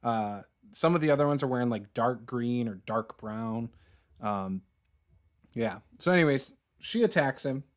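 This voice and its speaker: A man running a tabletop game as dungeon master, relaxed and quick to laugh. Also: medium pitch.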